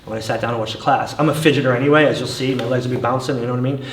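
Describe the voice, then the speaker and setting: A man rattles off stories in a quick, chatty way during a casual conversation. The room has an audible echo and a faint hiss of noise underneath. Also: mid-range voice, fairly even intonation. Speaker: martial arts instructor. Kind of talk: casual chat.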